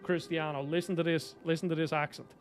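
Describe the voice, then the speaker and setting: A man's voice: a little high, little pitch movement, fast. An Irish man giving casual, chatty commentary while playing a game, with sarcastic muttered asides. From Ireland. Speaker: gaming streamer. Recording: voice over loud game music.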